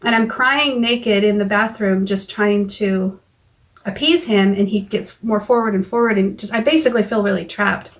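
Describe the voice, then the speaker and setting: A woman talking straight into her phone camera in a raw personal vlog. She retells a frightening argument in a halting way, with restarts and back-and-forth quoted dialogue, in a voice of middling pitch. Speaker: vlogger. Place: car or home.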